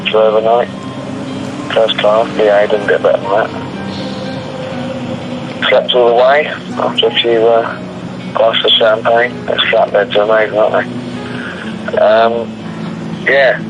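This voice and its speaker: A man's voice: lowish voice, muffled recording, noisy background. A man, chatting casually on the phone and boasting in a teasing way. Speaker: caller on the phone.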